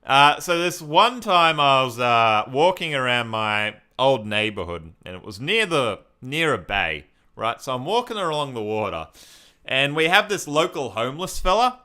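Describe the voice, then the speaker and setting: A man's voice: medium pitch, very animated, moderate pace, pushed and bright. A man giving chatty live-stream commentary as he talks to his chat and often laughs. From Australia.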